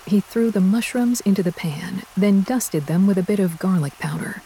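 A woman narrates an audiobook in the first person with a soft, mellow voice. Her delivery is wry and dry, with a quiet hiss of noise underneath. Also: medium pitch, normal speed.

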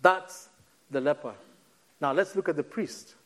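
A male pastor preaching a sermon, dropping to a near hush on key words and then lifting again, slowing down for emphasis. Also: on the high side. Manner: preaching with dramatic drops to a near hush and sudden lifts; slows right down on key phrases.

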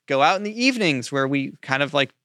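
A man's voice: a little high, animated, fast talker, a bit bright, no room sound, clean studio sound. A man co-hosting a casual chat, easygoing and hesitant, with many fillers. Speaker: co-host.

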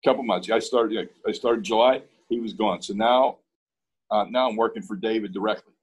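A man's voice: lowish voice, fairly quick, husky, rough recording. A man from Pittsburgh, a guest in an interview, telling a story in a casual way and acting out both sides of the dialogue.

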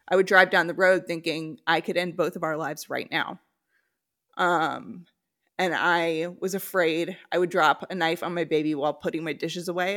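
A podcast host reads listener stories aloud, then talks candidly with her guest in a casual conversation. Her voice is fairly low, pushed and bright.

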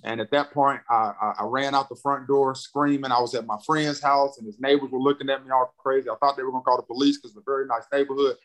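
Young male comic guest, lively storyteller who acts out dialogue. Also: fast talker, few pauses, rough recording. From North Carolina. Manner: animated, acts out quotes with big pitch jumps. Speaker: comedian and radio host, guest. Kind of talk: casual interview storytelling.

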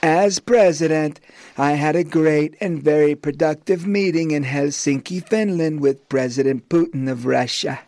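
A man doing a slow, boastful president impression. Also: fairly high pitch, a little mellow, dry recording, studio quality.

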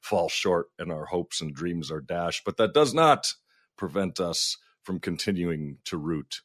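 A man's voice: deep voice, expressive, unhurried, no room sound, clean studio sound. A man from Minnesota, a podcaster guest on a radio show, chatting in a loose, joking way. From Minnesota, USA. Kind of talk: casual interview chat.

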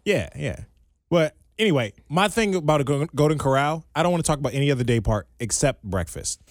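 A man co-hosting a podcast in an easy, casual chat, laughing often as he talks. His voice sits a little high for a man and swings widely up and down. The sound is close and dry, with no room echo. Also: animated, a little fast. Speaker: podcast co-host.

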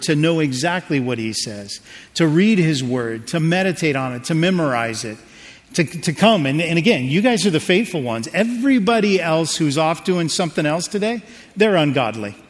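A pastor delivers a sermon, talking to his congregation in a loose, joking way and calling on them to answer. His voice sits a little high for a man. The sound rings with the long reverb of a large hall. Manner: conversational preaching with jokes and audience prompts.

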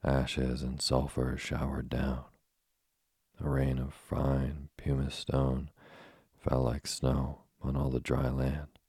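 A man narrating a storybook in a steady, measured reading. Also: rumbling low, husky, dry recording, studio quality. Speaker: audiobook narrator.

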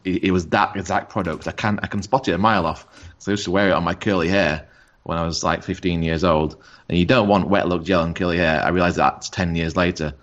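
Deep voiced guy joking around on a podcast, muffled lo-fi audio. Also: steady tone, fairly quick, a bit bright. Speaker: podcast co-host. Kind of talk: casual chat.

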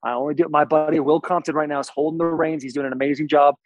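A man's voice: fairly high pitch, fairly even intonation, rapid-fire, no room sound, low-quality recording. A young man, a pro football player, chatting as a podcast guest in a boisterous, laid-back storytelling way. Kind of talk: casual podcast chat.

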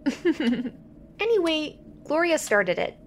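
A woman's voice: high voice, very animated, measured pace, slight background noise. A woman playing a chatty, gossipy young woman who laughs easily, in an audio drama.

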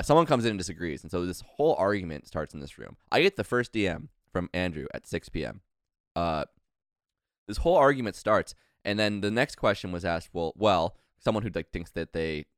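Fast-talking deep-voiced man telling a story. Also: no room sound, clean studio sound. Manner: long rambling storytelling, quick and animated. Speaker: podcast co-host. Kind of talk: casual podcast chat.

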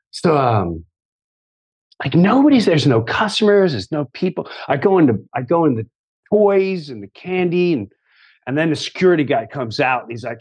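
A man in his fifties from Long Island, a comedian telling a story in casual chat, animated, acting out other people's voices, swearing and laughing often. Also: medium pitch, moderate pace, husky. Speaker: comedian guest.

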